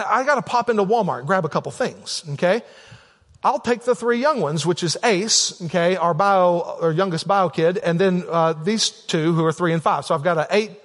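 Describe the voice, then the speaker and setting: A man's voice: high voice, animated, normal speed, a bit bright. A man preaching a sermon as a pastor, telling a candid personal story with frequent asides to the congregation. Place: church sanctuary. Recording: long reverb of a church hall.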